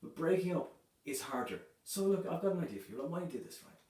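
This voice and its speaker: A man performing a stand-up comedy set, delivering dark jokes in a loose, chatty way, filling his lines with "you know" and "right". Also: a little high, very animated, fast. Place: comedy club stage. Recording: echoey room, voice from a distance.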